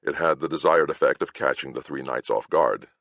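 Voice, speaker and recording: A man's voice: very deep voice, fairly quick, creaky, a bit bright, dry recording, highs cut off. A man reading a first-person fantasy audiobook, with a wry storytelling manner. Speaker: audiobook narrator.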